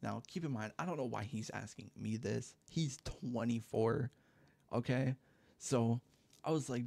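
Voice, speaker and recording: A man's voice: medium pitch, unhurried, creaky, darkish tone. A young man casually telling a story time, rambling and profane, with lots of filler words, on a headset mic at home. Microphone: gaming headset mic.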